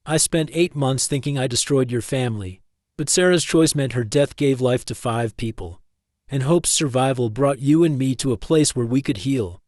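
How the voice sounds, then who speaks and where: A man's voice: medium pitch, moderate pace, darkish tone, no echo, studio quality, lightly acted. A reflective grieving woman, read by a man.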